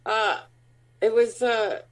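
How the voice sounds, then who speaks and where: Speaking slowly in a fairly high voice, a woman who works as an actor and stand-up comic tells stories in a relaxed interview. She's animated and chatty, leans on fillers, laughs frequently, and voices other people's words.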